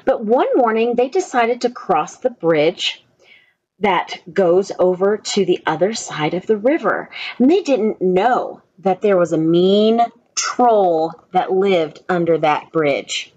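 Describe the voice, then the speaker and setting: A woman reading a children's story aloud, slow and gentle, asking the children questions as she goes. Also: mid-range voice, expressive, dull audio. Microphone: own camera.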